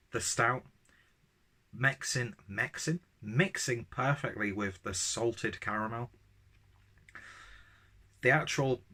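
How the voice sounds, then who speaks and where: Guy rambling thru a beer review, lowish voice but bright and punchy, lots of ums. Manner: enthusiastic, self-mocking, rambling with ums. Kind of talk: casual tasting review.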